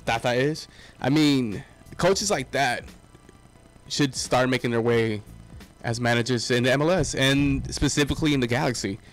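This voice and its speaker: A man's voice: mid-range voice, moderate pace, faint music behind. A man co-hosting a soccer fan show, talking bluntly and eagerly about coaches. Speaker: podcast co-host. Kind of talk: casual sports chat.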